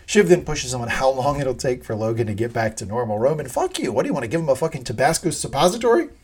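A man's voice: medium pitch, very animated, quick pace, darkish tone, breathy edge. A man co-hosting a podcast, animatedly recapping a TV episode, swearing often and acting out the quoted lines. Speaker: podcast co-host. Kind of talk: casual TV recap chat.

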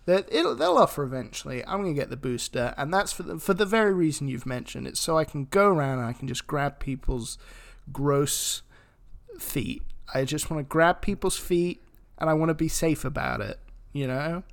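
A man co-hosting a podcast, joking around with playful deadpan riffs and mock ads. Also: a little high, normal speed, vocal fry. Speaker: podcast co-host. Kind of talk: casual podcast chat.

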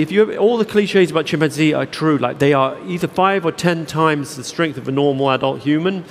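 A man speaking on stage to a packed theatre, telling a meandering, self-deprecating story full of false starts and asides. His voice sits a touch high for a man. The sound carries the long reverb of a big hall with faint noise underneath. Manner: rambling, self-deprecating storytelling with many restarts. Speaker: keynote speaker. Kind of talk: live stage anecdote and Q&A. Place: large theatre with audience.

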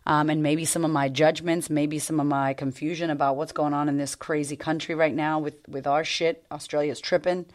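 A woman's voice: low-pitched, flat delivery, normal speed, hardly any pauses, dry recording, studio quality. A woman hosting her own confidence-coaching podcast, talking in a bubbly, profane, slangy way. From United States. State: recovering from losing her voice. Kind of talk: casual podcast monologue.

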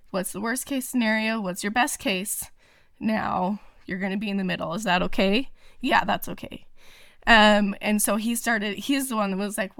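A woman's voice: mid-range voice, gravelly, a bit bright, no room sound, studio quality. A woman talking casually as a podcast guest, chatty and full of fillers and restarts. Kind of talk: casual interview chat.

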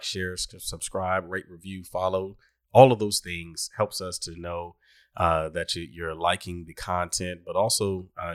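A man's voice: low voice, a bit bright, no echo, studio quality. A man hosting a podcast, upbeat and grateful, laughing often as he wraps up the show. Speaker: podcast host. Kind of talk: casual podcast chat and outro.

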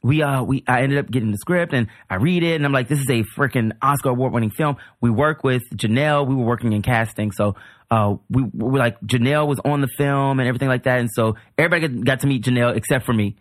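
A male comedian, a podcast guest, telling an animated, rambling story in casual chat. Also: mid-range voice, fast talker, dry recording, studio quality.

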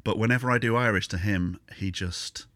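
A man's voice: fairly low pitch, a little fast, a bit bright, no echo. A British man hosting a podcast, chatting casually and trading sarcastic jokes with a friend. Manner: teasing, sarcastic banter with frequent laughs. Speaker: podcast host. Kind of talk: casual chat.

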